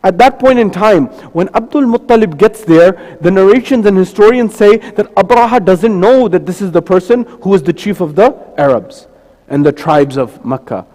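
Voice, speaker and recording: A man's voice: high voice, animated, moderate pace, a little mellow. A male preacher in a mosque giving a sermon, telling a story with repeated phrases and lists. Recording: long reverb of a mosque hall.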